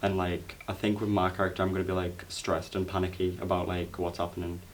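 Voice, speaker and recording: A man drama student talking casually and haltingly, with many fillers and restarts. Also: low voice, completely flat delivery, a little hiss or hum. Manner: hesitant, halting, lots of fillers. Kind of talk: casual project discussion.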